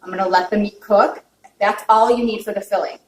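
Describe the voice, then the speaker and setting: A woman's voice: mid-range voice, steady tone, a little fast. Chatty woman in an echoey kitchen. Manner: chatty, checks in with viewers with "okay?"; openly emotional. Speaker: home cook. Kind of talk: casual cooking demonstration. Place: home kitchen. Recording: echoey kitchen, distant mic, faint noise.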